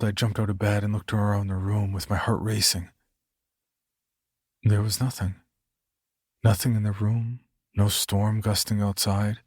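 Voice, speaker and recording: A man reading a scripted horror story as narrator, in a measured, grave manner. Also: lowish voice, dry recording, clean studio sound.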